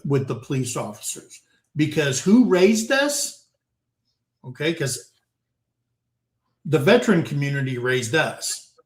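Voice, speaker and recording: Older male host in his 60s, unhurried folksy storyteller, a bit high-voiced, echoey room. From United States. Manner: folksy storyteller, addresses listeners as guys. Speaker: talk show host. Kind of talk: casual panel chat, storytelling. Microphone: video call. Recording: roomy echoing room.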